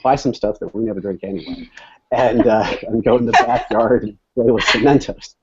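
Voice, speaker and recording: A man on a panel, talking casually and relaxed with many fillers. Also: on the low side, moderate pace, husky. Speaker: panel guest. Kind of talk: casual conversation. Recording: dull online video call audio.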